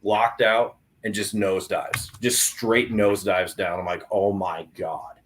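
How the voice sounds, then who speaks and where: A young adult man telling a hunting story on a podcast in an excited, animated way, with many restarts. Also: lowish voice, a little slow, a little hiss or hum. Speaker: podcast guest. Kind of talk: casual storytelling.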